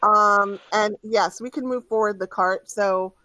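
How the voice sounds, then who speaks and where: A woman's voice: medium pitch, steady tone, measured pace, sharp tone, dry recording, poor audio. A woman running a tabletop game as dungeon master, patiently guiding the players. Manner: patient, stops to direct players.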